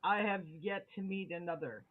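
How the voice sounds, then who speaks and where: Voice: mid-range voice, animated, moderate pace, narrow, tinny audio. A player speaking in character in a tabletop game, hesitant and unsure. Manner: hesitant, with fillers. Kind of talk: in-character role-play.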